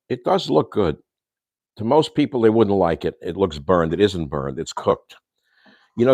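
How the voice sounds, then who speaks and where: A man's voice: low voice, no echo. An older man hosting a casual livestream monologue from his home kitchen, rambling and ranting with insults and Yiddish slang. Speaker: host.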